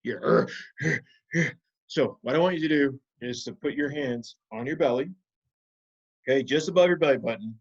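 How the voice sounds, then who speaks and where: In a video lesson for kids, a man patiently guides them through calming techniques by asking leading questions. He speaks at a medium pitch and a fairly quick pace, his husky voice captured in a muffled recording.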